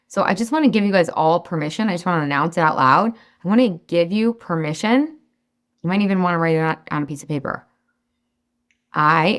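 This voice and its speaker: A woman in her thirties speaks in a slightly low voice as a weight loss coach addressing a webinar audience. Her talk is chatty and encouraging, and she now and then acts out her own inner voice.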